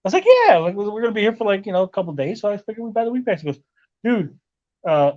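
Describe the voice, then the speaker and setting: A man's voice: sits high, racing, a little mellow. A man telling a long travel story in casual chat, swearing often and filling his talk with "like" and "right?". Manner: rambling, profane storytelling with lots of "like" and "right?". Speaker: podcast host. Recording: lo-fi muffled audio.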